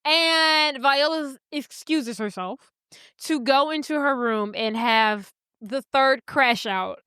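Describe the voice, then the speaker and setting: A woman's voice: high-pitched, takes it slowly, sharp tone, clean tone, no echo, studio quality. A woman co-hosting a podcast, recapping a movie in casual chat and acting out the characters' lines as she goes. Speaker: podcast co-host.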